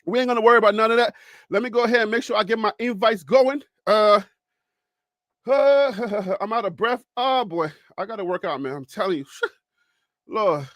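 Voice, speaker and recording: A man with a Liberian accent and a strikingly high voice hosts a live sports talk show. He talks fast and with hyped energy, shouting out viewers one after another. The sound is dry and close, with no room around it. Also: dry recording. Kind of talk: casual live-stream chat with shout-outs.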